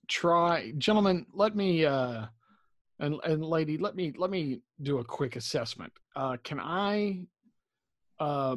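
Joking player at a tabletop game. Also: mid-range voice. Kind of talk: casual tabletop game talk.

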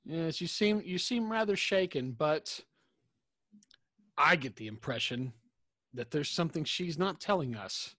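A man voicing a smooth-talking male adventurer who coaxes a frightened sailor. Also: on the high side, animated, measured pace, sharp tone, no echo, heavily acted. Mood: coaxing. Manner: cajoling, wry.

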